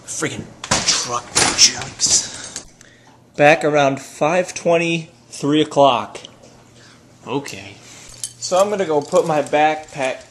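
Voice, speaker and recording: A young man talking casually to his handheld camera in a daily vlog, chatty and excitable, breaking into squeals. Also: fairly high pitch, slow pace, slight background noise. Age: young adult. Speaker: vlogger. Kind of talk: casual daily video blog. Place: at home, in a car and outdoors on campus.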